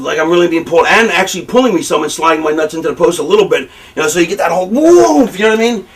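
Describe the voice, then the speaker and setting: A man's voice: fairly high pitch, recorded from a distance. A man, a pro wrestler, telling candid stories in an interview, rambling and swearing freely. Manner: rambling, profane, animated storytelling.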